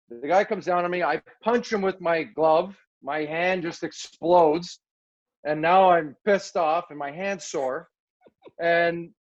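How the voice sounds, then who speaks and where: A man telling a lively story as a podcast guest, acting out quoted dialogue and laughing now and then. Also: fairly high pitch, dull audio. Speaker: podcast guest, former hockey player. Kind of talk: casual storytelling.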